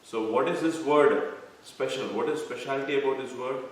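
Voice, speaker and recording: A man's voice: mid-range voice, moderate pace, slight background noise. A man giving a devotional scripture lecture, explaining terms one by one and quizzing his listeners. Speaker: scripture class teacher. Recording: echoey room, mic far off.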